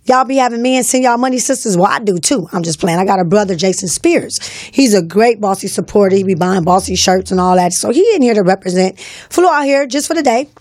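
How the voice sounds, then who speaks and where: A woman's voice: medium pitch, lively intonation, brisk, a little mellow, dry recording. A woman hosting a live call-in show, talking in a bossy, teasing, slangy way into a studio mic. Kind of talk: casual live-stream talk. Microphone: studio microphone.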